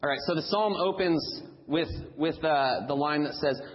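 A man's voice: on the high side, moderate pace, big-room sound, lo-fi sound. A man preaching a sermon in a church, emphatic and repeating key phrases for stress.

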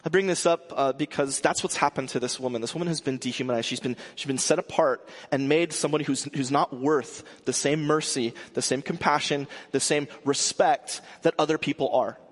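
A man gives a sermon in a loose, conversational way. He often restarts his sentences and fills pauses. His voice sits a bit high and carries a long echo, as if he is recorded in a large church hall. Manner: conversational with frequent restarts and fillers. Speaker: pastor.

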